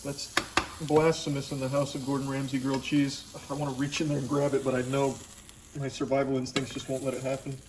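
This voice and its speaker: A man's voice: mid-range voice, level tone, fairly quick, darkish tone, slight background noise, rough recording. Dry-humored man narrating a cooking video. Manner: dry, sarcastic, blunt.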